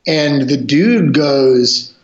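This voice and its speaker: Profane, animated man in a roomy room. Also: mid-range voice, very slow. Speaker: martial arts instructor, guest. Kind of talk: casual podcast chat. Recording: roomy, dull lo-fi sound.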